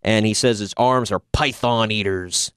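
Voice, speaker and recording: A laid-back man chatting casually on a podcast, sarcastic and quick to laugh. His voice is smooth and resonant, recorded close and dry with no room sound. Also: on the low side, a bit bright, no room sound. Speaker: podcast host reviewing wrestling. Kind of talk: casual chat.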